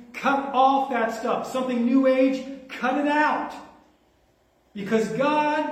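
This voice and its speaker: A man preaching a sermon emphatically, asking the congregation rhetorical questions. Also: very high voice. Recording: very echoey, from far off the mic.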